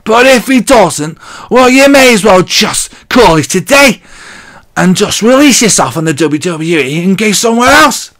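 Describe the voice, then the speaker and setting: Bloke ranting about wrestling, high voice that jumps all over, blunt and mocking. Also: male voice, very animated, a little slow, fairly bright tone. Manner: blunt, mocking, laughs at his own jokes. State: hot and sweaty. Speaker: wrestling vlogger. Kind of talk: casual ranting commentary.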